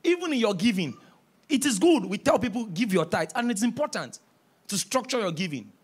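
A male pastor preaching a sermon, telling stories with quoted dialogue and rising to shouts. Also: high voice, brisk, breathy edge. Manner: storytelling, animated, rising to shouts.

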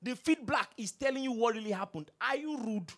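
Pastor, sermon, animated pitch, hushed-to-loud swings, rhetorical questions. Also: fairly quick.

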